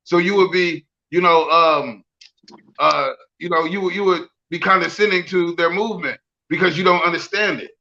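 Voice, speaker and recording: A man hosting a podcast, talking casually and profanely, breaking into loud, ranting bits. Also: high-pitched, steady tone, moderate pace, dull audio. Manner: profane, boisterous, swings into loud rants. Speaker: podcast host. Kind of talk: casual chat.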